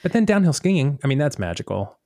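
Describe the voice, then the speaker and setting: A man's voice: fairly high pitch, sing-song, a little fast, warm tone, no echo, studio quality. A man co-hosting a podcast in casual chat, joking and rambling. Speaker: podcast co-host.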